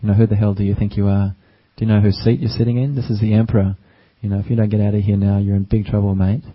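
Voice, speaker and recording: A man's voice: lowish voice, little pitch movement, fast, no echo, close to an everyday voice. A man voicing angry palace guards who bluster and threaten a demon. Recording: dull lo-fi recording.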